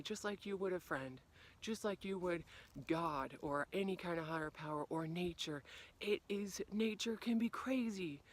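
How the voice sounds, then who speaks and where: A woman life coach talks to camera outside on a freezing day, motivating viewers. She acts out quoted reactions with dramatic leaps in pitch and volume, full of animated energy, but softens and quiets down on reflective moments.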